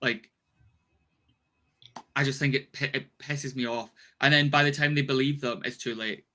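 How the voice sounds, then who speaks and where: An excitable man on a podcast who swears freely and laughs loudly as he chats. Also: mid-range voice, normal speed. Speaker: podcast co-host. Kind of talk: casual chat.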